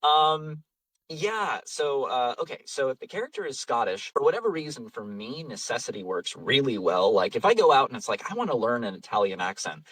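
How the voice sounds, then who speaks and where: A man's voice: medium pitch, big pitch swings, a little fast, fairly bright tone, breathy edge, dry recording, distant mic, low-quality recording. A man, an audiobook narrator and voice actor, chatting casually in an interview, rambling and self-deprecating, laughing often. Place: home vocal booth.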